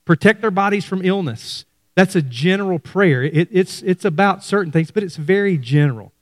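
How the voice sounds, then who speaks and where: A man's voice: high voice, normal speed, dry recording, clean studio sound. A middle-aged man preaching a sermon, speaking animatedly to his congregation. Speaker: pastor.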